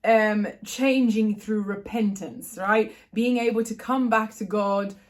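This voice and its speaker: A woman's voice: mid-range voice, fairly even intonation, slow pace. A woman with Irish family ties, chatting to her phone's front camera at home and reading a daily devotional aloud, often stopping to correct herself. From Ireland. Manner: chatty, self-correcting, reads aloud gently. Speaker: vlogger. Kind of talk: casual vlog with devotional reading.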